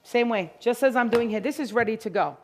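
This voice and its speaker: A woman giving an animated live demo talk to groomers, telling stories and acting out quotes. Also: a little high, brisk. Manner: animated, storytelling, acts out quotes. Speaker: grooming educator. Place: event hall with live audience.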